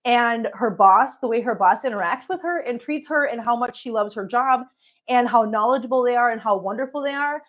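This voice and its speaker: A woman's voice: a little high, fairly quick, muffled recording. A middle-aged woman chatting casually on a home livestream, greeting viewers by name as she talks. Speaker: cat channel host.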